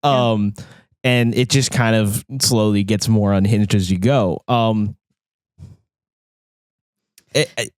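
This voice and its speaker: A man's voice: fairly low pitch, fairly even intonation, slow pace, pauses often, clear, resonant tone, dry recording, studio quality. A man co-hosting a podcast, chatting casually about a film and often trailing off into ums and restarts. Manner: rambling, with frequent ums and restarts. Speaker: podcast co-host.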